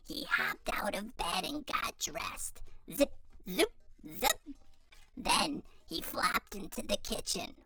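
Hushed woman reading a picture book. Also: high voice, very animated, takes it slowly, vocal fry, few pauses. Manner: half-whispered, hushed reading. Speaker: storyteller.

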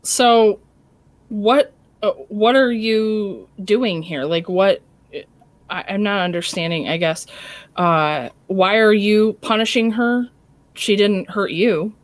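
Woman player, slow and casual, dry sound. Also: mid-range voice, no room sound. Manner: questioning, casual, hedging. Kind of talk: casual tabletop play.

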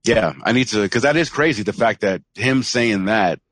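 A man's voice: fairly low pitch, expressive, moderate pace, a bit bright. A man co-hosting a casual podcast chat, hesitant and curious, often restarting his sentences. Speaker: podcast co-host.

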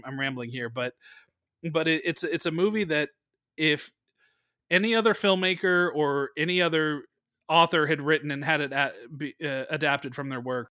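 Rambling, animated man talking films. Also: fairly high pitch, no room sound, studio quality. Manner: rambling, animated, swears freely. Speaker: podcast co-host. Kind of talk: casual film discussion.

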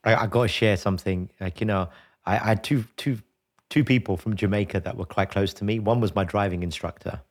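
A man's voice: lowish voice, fairly quick. A man hosting a conversational interview, chatty and curious, with stumbling restarts. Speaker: host.

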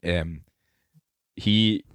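Sweary guy, low voice, dry sound. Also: steady tone, extremely slow, a bit bright, clean tone, no echo. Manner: sweary, laughing banter. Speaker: podcast co-host. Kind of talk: casual chat.

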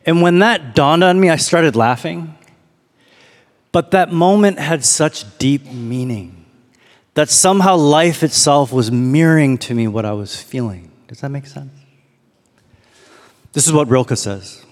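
A man preaching a sermon as pastor, reflective, slowing down to read and linger on lines. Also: on the high side, expressive, in a large hall.

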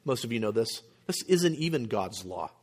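A male pastor preaching a sermon, emphatic, with rhetorical questions and frequent throat clearing. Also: medium pitch, very animated, moderate pace.

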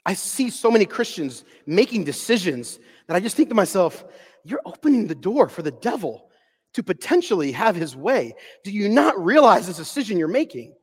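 A man preaching a sermon as pastor, swinging from loud, stressed phrases down to hushed, almost whispered endings. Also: high voice, very animated, normal speed, husky, in a large hall.

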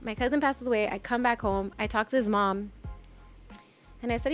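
A woman's voice: on the high side, normal speed, long pauses, soft background music. A young adult woman telling a long personal story in casual podcast chat, full of "like" and restarts. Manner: rambling, heavy use of "like", emotional retelling.

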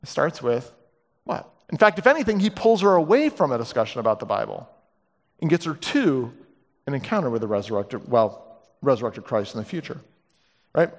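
A middle-aged man preaching a sermon in a church, telling stories in a comic, animated way and acting out the voices. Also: medium pitch, fairly quick, big-room sound. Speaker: guest preacher. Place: church sanctuary.

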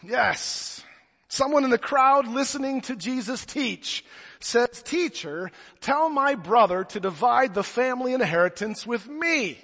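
Male preacher, high and expressive, joking storyteller; long reverb from the church. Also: a little slow. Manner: animated storyteller who jokes. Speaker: pastor. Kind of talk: sermon.

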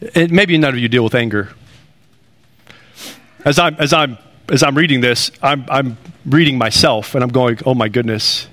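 A man's voice: mid-range voice, normal speed, pauses often, a bit bright. A man preaching a sermon in an earnest, conversational way, building emphasis with rising phrases. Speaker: pastor.

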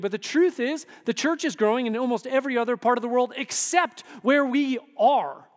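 High-pitched guy preaching, animated, keeps checking in with "right?", big reverb hall. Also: normal speed, few pauses. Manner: animated, asks the room "right?" and acts out quotes. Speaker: pastor. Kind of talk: sermon.

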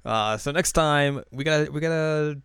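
A man's voice: on the high side, normal speed, fairly bright tone, clean tone, no echo, clean studio sound. Giggly man recapping an anime episode. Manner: laughs often, rambling recap with acted quotes. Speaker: podcast co-host.

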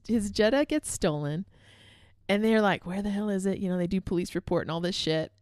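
A woman's voice: mid-range voice, darkish tone, dry recording, studio quality. A woman chatting casually as a co-host, telling stories in a rambling way, correcting herself and using "like" and "dude" a lot. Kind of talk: casual chat.

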